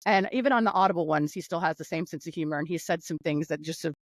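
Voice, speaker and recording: Animated woman from North Carolina. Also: deep voice, fast talker, dry recording, poor audio. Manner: animated, laughing, rambling storytelling. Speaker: guest. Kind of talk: casual conversational interview. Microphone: video call.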